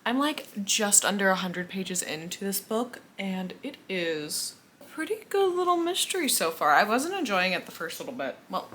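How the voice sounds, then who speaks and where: A sleepy young woman talks at home late at night, yawning and teasing herself as she chats. Her voice is bright and clear. The home recording carries a faint hiss. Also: medium pitch, very animated, normal speed. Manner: chatty, self-mocking, yawning. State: sleepy, tired. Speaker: book vlogger. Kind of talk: casual late-night vlog chat. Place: at home indoors.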